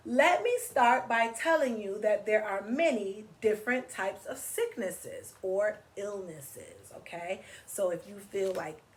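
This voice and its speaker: Animated woman reading aloud to kids. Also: medium pitch, slow, hardly any pauses, a little hiss or hum. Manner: animated, teacherly, asks children questions. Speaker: children's story reader. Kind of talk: read-aloud for children.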